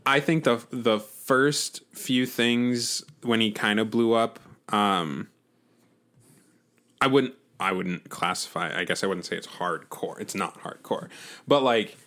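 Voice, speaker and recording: A man's voice: lowish voice, slow, fairly bright tone. Rambling young man telling a story. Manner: rambling storyteller, lots of fillers and swearing. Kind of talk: casual chat.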